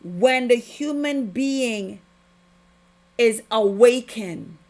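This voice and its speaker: A woman's voice: a little high, lively intonation, extremely slow, darkish tone. A woman hosting a podcast, giving an impassioned, preachy spiritual testimony with heavy emphasis. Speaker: podcast host.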